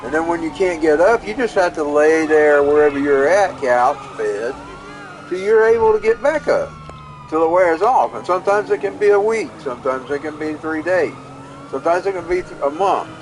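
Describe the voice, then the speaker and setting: A man's voice: a little high, lively intonation, moderate pace, background noise. Rambling folksy man chatting on stream. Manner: rambling, folksy, repeats himself. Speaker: live streamer. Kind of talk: casual personal storytelling.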